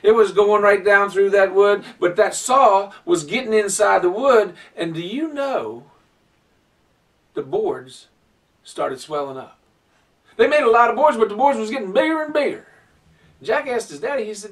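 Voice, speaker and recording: A male storyteller spins a folk tale for children, his voice leaping between highs and lows. He sits a bit high for a man and sounds picked up from across the room. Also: far from the mic. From Virginia, USA. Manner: animated, folksy, dramatic pauses.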